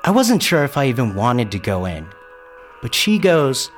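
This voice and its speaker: Animated man narrating a story. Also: medium pitch, normal speed, faint music behind. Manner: lively, wry storyteller. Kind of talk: first-person story narration.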